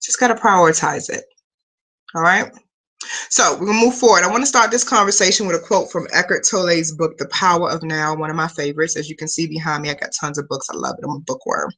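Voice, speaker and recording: A woman with a slightly low voice leads a live spiritual talk over a webcam. She speaks slowly and deliberately, leaning on key words. Her delivery is firm and coaching as she guides breathing and spoken affirmations. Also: fairly bright tone. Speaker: spiritual teacher and host. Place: home room lined with bookshelves.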